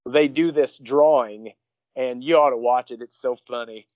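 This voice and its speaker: Excitable rambling male wrestler, dull recording. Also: mid-range voice, moderate pace, no echo. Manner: excitable and rambling, with frequent restarts. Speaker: professional wrestler guest. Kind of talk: casual storytelling in an interview.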